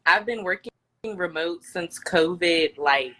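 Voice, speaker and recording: Hesitant low-voiced woman in her twenties. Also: slow pace, fairly bright tone. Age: 20s. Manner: hesitant, many fillers. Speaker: interview guest. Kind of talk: casual interview.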